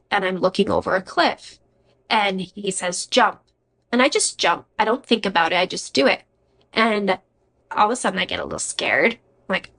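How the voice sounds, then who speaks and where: A woman's voice: mid-range voice, a bit bright, poor audio. A young adult woman, a podcast guest, giving a personal faith testimony in an earnest, emotional, conversational way with frequent "like" fillers.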